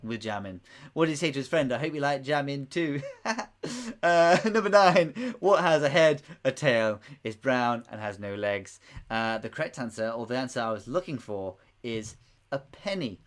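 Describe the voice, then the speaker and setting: A man's voice: medium pitch, animated, normal speed. A man in his late twenties hosting a live quiz, chatting in a jokey, giggly way with rambling asides, close to his microphone. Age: late 20s. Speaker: quiz host. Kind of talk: live-streamed quiz answers. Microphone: microphone close to the mouth.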